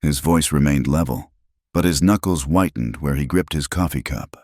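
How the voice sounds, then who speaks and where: Very deep-voiced male storyteller. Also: moderate pace, darkish tone, dry recording, clean studio sound. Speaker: narrator. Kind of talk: scripted storytelling narration.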